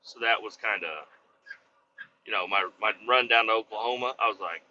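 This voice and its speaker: Trucker guy rambling, swears a lot, jokes around, super bright sharp voice, dull lo-fi sound. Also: lowish voice, moderate pace, slight background noise. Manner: crude, profane and jokey. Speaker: truck driver. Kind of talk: rambling casual storytelling.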